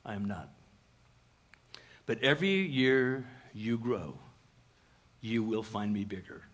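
A man voicing a wise, gentle lion king, speaking slowly and softly. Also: on the low side, animated, exaggerated voice.

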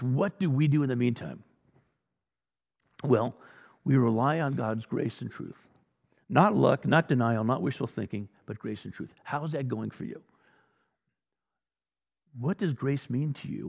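Blunt gravelly male preacher in a hall. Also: mid-range voice, a little mellow. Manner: blunt, exhorting, rhetorical questions. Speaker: pastor. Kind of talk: sermon.

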